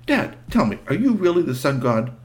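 A man voicing an eager, boastful teenage boy who pleads and crows in a high voice. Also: very animated, moderate pace. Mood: pushy.

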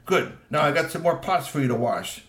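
A man voicing a bossy kitchen boss who gives out chores briskly. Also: a little high, animated, a bit bright, roomy sound, pitched above the performer's own voice.

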